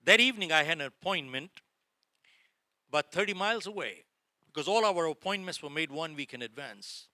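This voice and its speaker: A man's voice: a little high, animated, fairly quick, bright, forceful tone, no echo, clean studio sound. A middle-aged man giving a motivational talk to a live audience, telling a story dramatically and acting out the dialogue. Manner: dramatic, addresses audience as folks, acts out dialogue. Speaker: motivational speaker. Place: lecture hall before a live audience.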